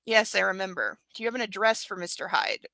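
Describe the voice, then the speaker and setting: A woman's voice: mid-range voice, big pitch swings, fast, creaky, sharp tone, no room sound, heavily acted. A woman reading the lines of a curt, controlling rich young man in a clipped, commanding way.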